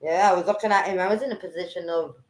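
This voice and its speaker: A woman telling a story in casual chat, animated and profane, acting out what people said. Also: lowish voice, racing. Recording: echoey room.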